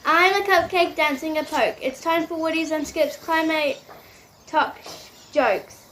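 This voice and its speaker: Squeaky little cupcake, super high and singsongy. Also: male voice, unhurried, pushed and bright, slight background noise, full character voice. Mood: cheery. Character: squeaky dancing cupcake, tiny and cheery.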